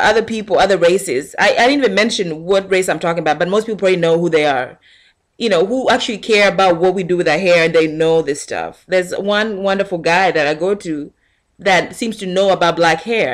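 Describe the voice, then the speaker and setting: A young woman vlogger telling a casual, animated rant to her camera and acting out what people said. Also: fairly low pitch, fairly quick. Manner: animated storytelling, acting out quotes.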